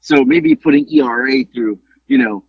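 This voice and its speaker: A man co-hosting a casual podcast, telling stories with lively exclamations and some swearing. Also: mid-range voice, normal speed, vocal fry, breathy edge, no room sound. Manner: animated storytelling, swearing, exclamations. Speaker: podcast co-host. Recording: dull lo-fi dry podcast audio.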